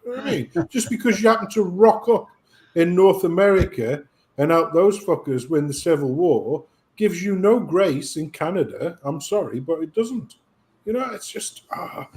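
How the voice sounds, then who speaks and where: A British man on a casual chat show, ranting profanely and telling an animated story. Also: high-pitched, moderate pace.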